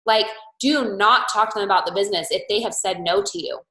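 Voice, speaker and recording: A woman's voice: mid-range voice, brisk, bright, forceful tone, echoey room, poor audio. A woman leading a sales team call, telling stories in a chatty coaching style and acting out quoted dialogue. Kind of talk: motivational sales coaching talk.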